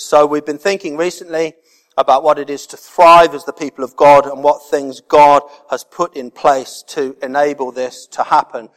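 Earnest preacher in a reverberant hall. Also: male voice, on the high side, level tone, normal speed. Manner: earnest, repeats key words for emphasis. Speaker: pastor. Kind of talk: sermon.

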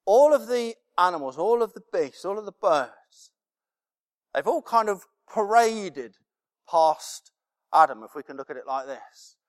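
Slow, high-voiced male preacher in a hall. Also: big pitch swings. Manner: emphatic and repetitive, with rhetorical questions. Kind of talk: sermon. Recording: long hall reverb.

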